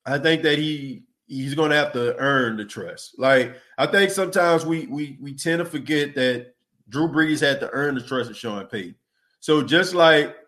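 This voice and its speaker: A man's voice: fairly high pitch, a bit bright. A man hosting a casual sports talk podcast. He talks in a loose, conversational way, often restarts his words, and reads out and answers listener comments. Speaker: podcast host.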